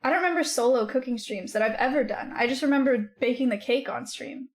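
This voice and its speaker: A woman streamer talks casually with her live chat, reacting aloud as comments come in. Her voice sits a little high. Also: fast talker.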